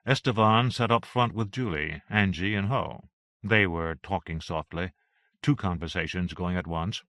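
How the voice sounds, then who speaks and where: A man narrating a novel in a measured, expressive reading. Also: deep voice, no room sound, clean studio sound. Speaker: audiobook narrator. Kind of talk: scripted narration.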